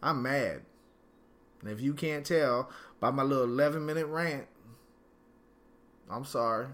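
Male podcast host, bright edgy tone, mid pitch, solo profane rant at home. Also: unhurried. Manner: angry, profane ranting with slang.

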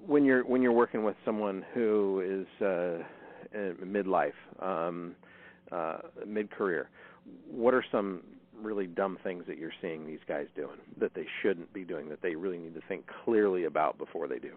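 Wry low-voiced host on a phone line. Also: male voice, moderate pace. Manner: chatty, wry and sarcastic. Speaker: podcast host. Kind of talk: casual interview over a phone call.

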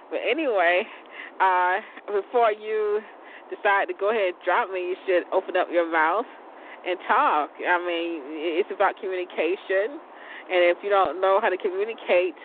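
A woman hosting a call-in talk show, chatting frankly in a casual monologue. She stumbles over words, repeats herself and laughs often. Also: lowish voice. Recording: tinny phone line, faint noise.

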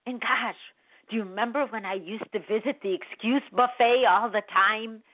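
Woman doing a pep-talk podcast, animated, plays out her own thoughts, sounds like a phone line. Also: on the high side, normal speed. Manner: animated, acts out her own inner voices. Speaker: podcast host. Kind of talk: motivational podcast monologue. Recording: dry, phone-like audio.

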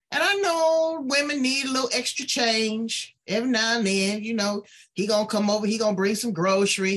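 A woman host who breaks in to lecture parents in a blunt, emphatic way, with a husky voice. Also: on the high side, a bit bright. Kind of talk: preachy direct address.

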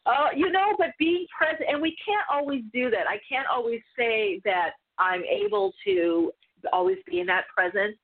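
Woman, spiritual teacher, rambling casual storytelling, higher voice, thin phone-line sound. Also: very animated, normal speed. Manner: rambling, with many asides and restarts.

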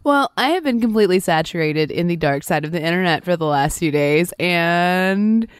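Lively low-voiced woman podcast host. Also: normal speed, clear, resonant tone, no echo, clean studio sound. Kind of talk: casual podcast banter.

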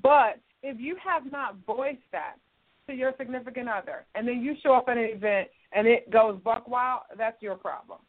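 A woman's voice: fairly high pitch, normal speed, no echo. A woman co-hosting a radio talk show, giving emphatic advice and repeating her points for stress. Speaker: radio co-host. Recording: thin phone-like radio sound.

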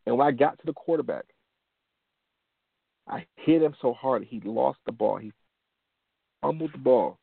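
Gravelly man telling a story over a phone line. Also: medium pitch, lively intonation, moderate pace, pauses often, no room sound. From Detroit, USA. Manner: earnest, repeats phrases for emphasis. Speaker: motivational show host. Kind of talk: motivational storytelling. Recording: dry phone-line sound.

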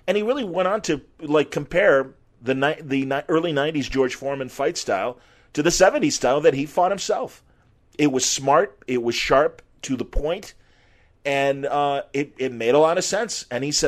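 A middle-aged man, a podcast host, telling an anecdote in an animated, casual way and acting out quotes. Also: medium pitch, moderate pace. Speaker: podcast host and former sports reporter.

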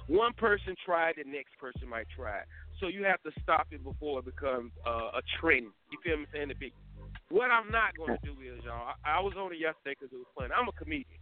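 Fast-talking man telling a story on a tinny line. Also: a little high. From Durham, North Carolina. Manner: animated, street slang, many "you feel me" asides. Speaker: host of a live morning web show. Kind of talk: casual storytelling monologue. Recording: tinny phone-like audio with faint music.

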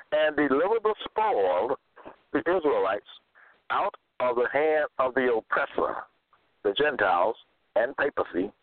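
A man's voice: a little high, no room sound. Man, self-styled scripture teacher, repeats key phrases, thin phone-line sound, dry close audio. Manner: reads verses aloud, then repeats key phrases with emphasis. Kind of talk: monologue reading and interpreting scripture.

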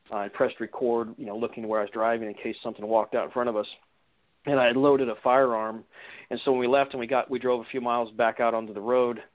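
A man recounting an encounter as a guest on a radio interview, rambling with many restarts and "you know"s. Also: medium pitch. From Washington state. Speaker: eyewitness guest. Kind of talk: casual storytelling interview. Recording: tinny phone line.

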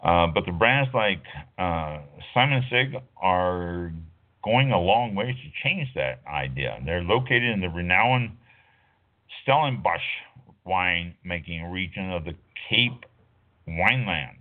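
A man's voice: low-pitched, expressive, slow, phone-quality sound. A middle-aged man hosting a wine talk show, rambling casually with lots of fillers and stopping to correct himself. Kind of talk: casual talk radio monologue.

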